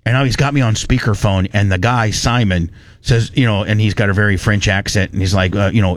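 A man hosting a radio talk show, telling a story in an animated, ranting way with frequent restarts. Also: fairly low pitch, a little fast, no room sound.

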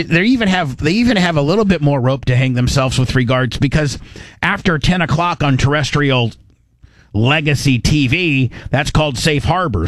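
A man's voice: on the high side, no echo, clean studio sound. A man hosting a podcast, talking in casual commentary that rambles, with many restarts and repeated words, blunt and crude. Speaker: podcast host.

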